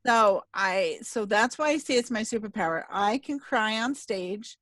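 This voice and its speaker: A woman's voice: medium pitch, lively intonation, normal speed, a bit bright, no echo. A middle-aged woman hosting a casual interview, telling a heartfelt story in an earnest, emotional way. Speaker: podcast host and speaker.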